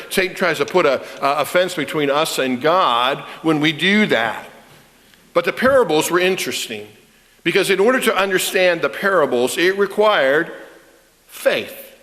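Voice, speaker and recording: A man preaching a sermon as a pastor, telling stories in an animated way and repeating words as he starts phrases. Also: on the high side. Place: church sanctuary. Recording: reverberant church sanctuary.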